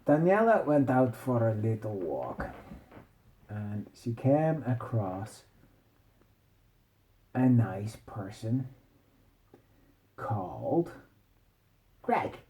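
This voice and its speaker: A man's voice: medium pitch, sing-song, very slow, long pauses, warm tone, slight background noise, low-quality recording. A man improvising a meandering, playful bedtime story. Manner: playful, meandering, self-interrupting.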